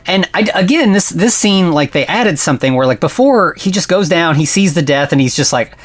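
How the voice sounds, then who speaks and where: A man hosting a podcast who recaps a film in casual, rambling chat, full of "like" and "you know" and quick laughs. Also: fairly high pitch, lively intonation. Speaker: podcast host.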